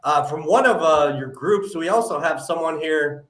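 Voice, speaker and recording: A man's voice: a little high, moderate pace, a bit bright. Chatty male host in echoey room. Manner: chatty, filler-heavy, upbeat. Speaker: podcast host. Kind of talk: live-stream podcast interview. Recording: roomy echoey audio.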